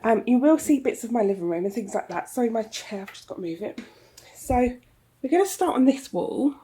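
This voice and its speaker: A woman's voice: mid-range voice, dark tone, husky. A woman chatting casually through a tour of her home craft room, rambling with lots of ums and little laughs. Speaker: craft vlogger. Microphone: handheld camera.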